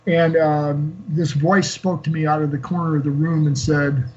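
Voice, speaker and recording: A man in his sixties, a guest on an interview show, telling an emotional personal story in a halting way with many fillers and restarts. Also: fairly high pitch, little pitch movement, darkish tone. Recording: dull lo-fi call audio.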